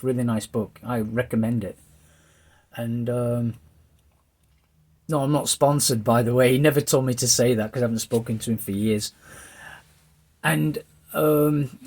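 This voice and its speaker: With a breathy edge to his mid-range voice, a middle-aged man from England recounts a rambling personal testimony in his English accent. He tells it with liveliness, voicing the people in the story himself.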